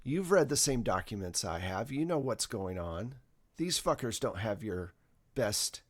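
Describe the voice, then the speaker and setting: A man's voice: on the low side, big pitch swings, measured pace, pitched below the performer's own voice. A man playing an anxious, paranoid husband who insists and swears. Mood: agitated. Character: agitated, paranoid husband, middle-aged.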